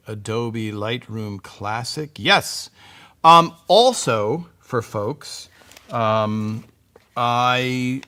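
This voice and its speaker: Male live-stream host, mid pitch, chatty and meandering, talks into a desk mic. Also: pushed and bright. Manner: rambling, chatty, many fillers and restarts. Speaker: livestream host. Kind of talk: casual live-stream chat.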